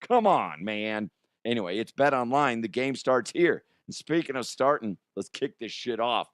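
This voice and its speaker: A man hosting a casual comedic news show, his voice hoarse and strained, joking crudely and laughing often. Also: medium pitch, moderate pace, no room sound, studio quality. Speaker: podcast host.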